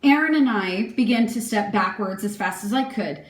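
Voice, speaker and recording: A young woman reading her prepared impact statement aloud in a measured, earnest way. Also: mid-range voice, animated, reverberant. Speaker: victim giving an impact statement.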